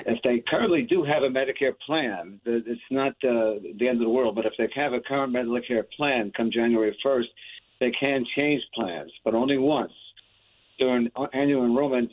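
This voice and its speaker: A man being interviewed on the radio as a Medicare specialist, explaining plans steadily with many uh's and restarts. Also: medium pitch. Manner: explanatory, with frequent fillers and restarts. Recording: tinny phone line.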